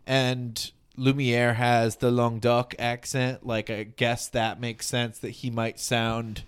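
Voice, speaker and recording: A man's voice: mid-range voice, flat delivery, slow pace, smooth. A man co-hosting a podcast, chatting casually and musing aloud with lots of questions. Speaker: podcast co-host. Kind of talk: casual chat.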